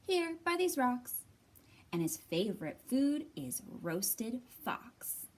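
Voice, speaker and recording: A woman voicing a small, clever brown mouse in a picture-book reading, bright and confident. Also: on the high side, big pitch swings, takes it slowly, a little hiss or hum, voice pushed up. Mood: boastful.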